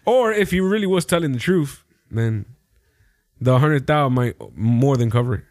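A man's voice: mid-range voice, animated, a little mellow, no echo, studio quality. A young adult man co-hosting a podcast, swearing freely and joking through casual banter. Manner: profane, joking, quick banter. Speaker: podcast co-host. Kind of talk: casual chat.

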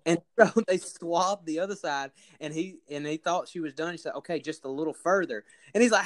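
A man telling a funny story on a casual podcast, laughing often and acting out loud quotes. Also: a little high, a little fast, few pauses. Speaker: podcast host.

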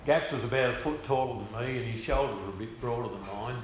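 A man's voice: medium pitch, fast talker, background noise. A middle-aged Australian man with a mid-range voice tells a personal story in a chatty, good-humoured way. The recording is roomy and echoey, with faint background ambience. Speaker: speaker sharing a personal testimony. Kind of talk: casual storytelling.

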